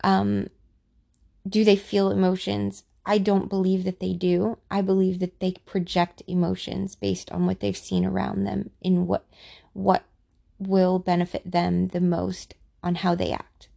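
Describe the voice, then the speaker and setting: A woman talking casually about her personal experiences, offering her opinion in a halting way with restarts and fillers. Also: mid-range voice, completely flat delivery, vocal fry, dark tone. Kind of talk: casual monologue.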